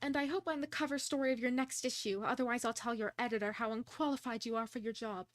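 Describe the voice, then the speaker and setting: Haughty society widow, slow and theatrical, voiced high and bright by a woman. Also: fairly even intonation, no room sound, close to an everyday voice. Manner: slow, theatrical, self-important.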